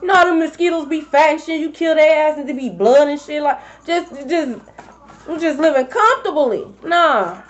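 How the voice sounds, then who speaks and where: High-voiced, blunt tarot reader, woman. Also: moderate pace. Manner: blunt, profane and animated, talking straight to viewers. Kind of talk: casual tarot reading for viewers. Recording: slightly dull lo-fi sound.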